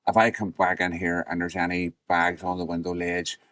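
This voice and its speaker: A man's voice: deep voice, monotone, brisk, a bit bright, no room sound. A middle-aged man, chatting casually and telling school stories with a laugh. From Northern Ireland. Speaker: podcast host. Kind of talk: casual chat.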